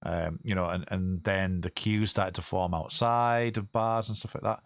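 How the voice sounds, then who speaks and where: A low-pitched man hosts a podcast in a loose, casual chat. He rambles and restarts his sentences as he works through a point. His voice sounds close and dry, with no room around it. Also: fairly even intonation, normal speed, no echo. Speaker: podcast host.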